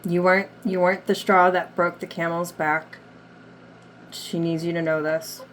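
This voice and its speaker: Low-voiced woman giving a psychic reading. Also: level tone, normal speed, slight background noise. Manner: relays messages, hedging with many likes. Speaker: psychic medium. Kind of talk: spirit reading session.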